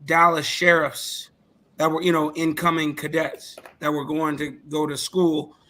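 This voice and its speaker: Man, storytelling, lively, swears, bright tone, slightly high pitch. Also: a little slow, a little hiss or hum. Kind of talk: casual podcast chat.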